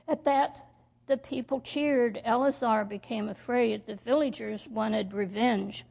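A woman telling a children's story in church, reading slowly with slips and restarts. Her fairly high voice is full of gravelly fry. The recording is dull and lo-fi. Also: darkish tone.

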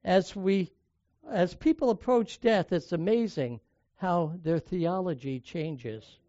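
Older male preacher, high voice, storytelling sermon, dry dull recording. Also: slow pace, mellow, no room sound. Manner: conversational storytelling, varies volume for emphasis.

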